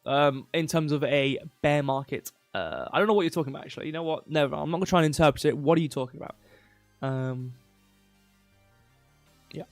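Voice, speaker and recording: A man hosting a crypto livestream in casual chat, rambling, restarting sentences and reading chat aloud while slowly losing his voice. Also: fairly high pitch, no room sound, soft background music. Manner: rambling, self-interrupting, reads chat aloud. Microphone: desk mic.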